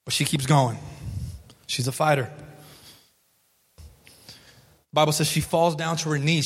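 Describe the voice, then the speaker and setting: A man's voice: a little high, fairly even intonation, unhurried, long pauses, husky, long reverb tail. A man preaching a sermon, telling the story in a casual, conversational way with emphatic repetition. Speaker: pastor.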